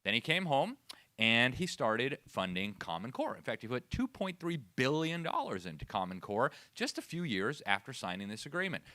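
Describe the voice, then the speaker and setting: A man giving a lively, sarcastic lecture to a live audience. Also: mid-range voice, moderate pace, dry recording. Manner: sarcastic, animated, laughs at own asides. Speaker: speaker at education event.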